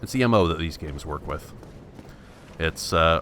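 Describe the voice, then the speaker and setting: Deep-voiced wry man playing a game. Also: moderate pace, fairly bright tone, a little hiss or hum. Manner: wry, self-mocking, thinks aloud with frequent restarts. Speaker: gameplay commentator. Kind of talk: let's play commentary.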